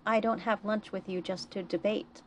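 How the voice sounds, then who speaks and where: A woman voicing a gentle, patient male friend who reassures and coaxes in a slightly raised voice. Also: mid-range voice, fairly even intonation, moderate pace, a little hiss or hum, lightly acted. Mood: earnest.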